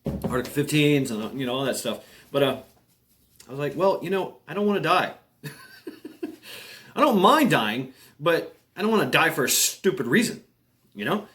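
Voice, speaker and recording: Middle-aged man, casual spoken anecdote, halting delivery, restarts and fillers, mid-pitched voice. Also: very animated, fairly bright tone. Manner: halting, many restarts and fillers, chuckles often. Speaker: military veteran storyteller.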